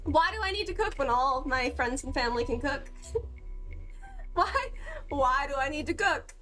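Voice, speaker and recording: Giggly high-voiced young woman streamer. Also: a bit bright. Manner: giggly, bubbly, laughs often between lines. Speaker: cosplay livestreamer. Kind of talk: casual livestream chat.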